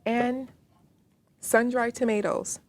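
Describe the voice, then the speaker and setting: Slow-talking Southern woman cooking at home. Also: on the high side, flat delivery. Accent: Southern American. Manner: chatty, talks to the viewer while working. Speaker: cooking show host. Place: home kitchen.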